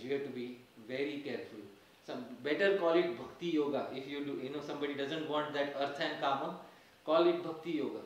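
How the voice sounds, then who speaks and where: A man giving a religious class, explaining points emphatically and repeating key phrases, recorded from a distance in a temple hall. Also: fairly high pitch. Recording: very echoey temple hall from far off.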